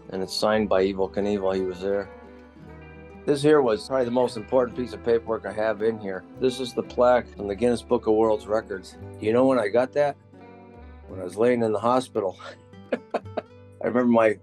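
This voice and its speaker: A retired motorcycle stunt rider in his sixties reminisces casually, his voice lowish with a darkish tone. He tells his stories in a folksy way and laughs at his own tales.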